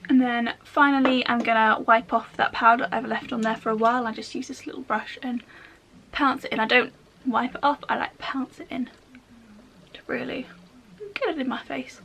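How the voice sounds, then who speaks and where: A young woman chatting casually through a makeup tutorial, slangy and relaxed, often dropping into soft half-whispered asides. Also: a little high, moderate pace, gravelly, slight background noise. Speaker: beauty vlogger.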